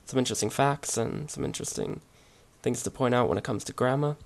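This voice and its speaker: A man explaining grammar over his slides in a relaxed, hesitant way, with many fillers and restarts. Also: medium pitch, fairly quick, creaky. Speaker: language teacher. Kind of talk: casual slide-based language lesson.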